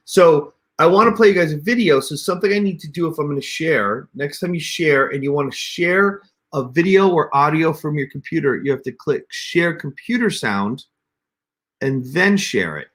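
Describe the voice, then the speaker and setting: An expressive man with a slightly high voice and moderate pace hosts a chatty livestream tutorial. He talks viewers through on-screen steps over a computer mic, calling them "you guys."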